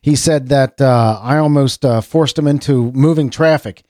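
A man's voice: mid-range voice, normal speed, mellow, dry recording, clean studio sound. A middle-aged American man hosting a casual podcast chat, rambling and restarting his sentences with the odd chuckle. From United States. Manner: rambling, self-interrupting, chuckling. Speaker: podcast host.

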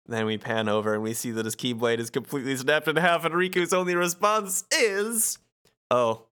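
A male podcast co-host narrating game scenes in a dry, matter-of-fact way. His talk is casual and even-paced, in his own everyday voice. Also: a little high, brisk, smooth. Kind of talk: casual chat recapping a video game.

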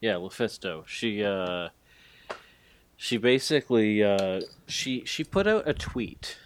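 With a clean, lowish, expressive voice, a man co-hosting a podcast slowly recaps a story in casual chat. He rambles and hedges throughout, using lots of fillers.

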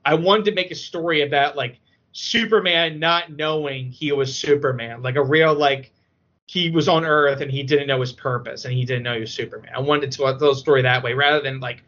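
A man chatting on a podcast, an emotional, excitable storyteller who talks with many fillers. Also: mid-range voice, brisk. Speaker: podcast guest. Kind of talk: casual podcast chat. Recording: dull lo-fi audio.

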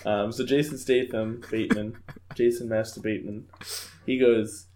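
A young man co-hosting a podcast, chatting casually about a TV show, laughing often and slipping into quick character voices. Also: mid-range voice, level tone, background noise. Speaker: podcast co-host. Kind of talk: casual chat recapping a TV show.

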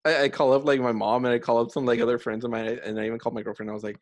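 A young man hosts a relaxed chat, talking in a loose, friendly ramble full of fillers and quick laughs. His voice sits at an ordinary middle pitch. It is recorded close and dry, with no room sound. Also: no room sound. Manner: chatty, laughs often, many fillers. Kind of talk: casual conversation.

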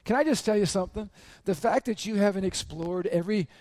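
Male pastor with a high voice and a slightly raspy throat, lively sermon full of crowd questions, dry close sound. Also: quick pace, dry recording. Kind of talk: sermon to a congregation.

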